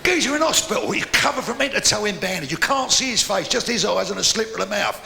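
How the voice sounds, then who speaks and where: A man telling quick-fire jokes as a stand-up comedian, doing little voices for his characters. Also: high voice, lively intonation, gravelly, noisy background. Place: pub venue with live audience. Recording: echoey live pub recording with crowd.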